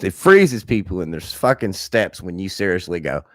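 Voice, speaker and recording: A man in his thirties with a very deep voice, slightly hoarse, tells loose stories to his live stream viewers. He talks bluntly and profanely, with lots of animation. The sound is close and dry, with no room around it. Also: sing-song, normal speed, dry recording. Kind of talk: rambling casual storytelling.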